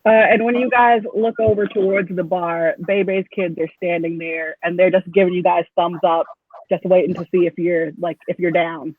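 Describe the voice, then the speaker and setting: Woman, game master, rambling narration, husky, dry phone-like audio. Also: on the low side, steady tone, normal speed, no room sound. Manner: loose, rambling narration with restarts. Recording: tinny phone-like line.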